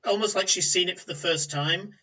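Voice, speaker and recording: A man narrating a tabletop game as game master, rambling with many pauses and fillers. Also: sits high, pushed and bright, distant mic, low-quality recording. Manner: rambling, hesitant, filler-heavy.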